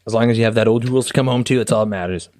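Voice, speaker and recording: A man's voice: medium pitch, rapid-fire, a little mellow. A man co-hosting a casual podcast chat, joking and teasing, often acting out silly voices. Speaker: podcast co-host.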